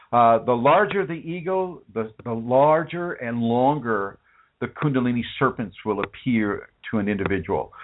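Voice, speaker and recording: A man's voice: mid-range voice, a little hiss or hum. A man hosting a spiritual teaching broadcast, speaking earnestly and colloquially with frequent restarts and repeated words. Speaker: spiritual teacher and show host. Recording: phone-like narrow sound.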